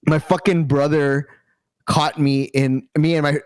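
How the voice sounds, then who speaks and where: Man, podcast co-host, casual chat, rambling stories, fairly high voice, dry sound. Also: level tone, unhurried, darkish tone, clean tone, no room sound. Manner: rambling, stop-start storytelling with frequent laughter.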